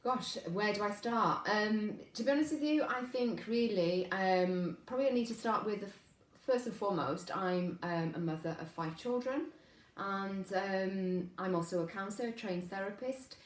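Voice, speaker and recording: A middle-aged woman with a slight Welsh accent, a guest on an interview, speaking hesitantly with many pauses as she tells her story. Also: medium pitch. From Wales. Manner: hesitant, many ums, reflective. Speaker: guest, counsellor. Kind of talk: conversational interview. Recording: echoey room, faint background noise.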